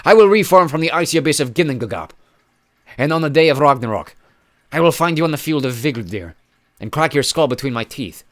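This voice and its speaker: A man voicing a croaking, mocking stone giant. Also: a little high, animated, brisk, fairly bright tone, voice pushed up. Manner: taunting, croaking, boastful.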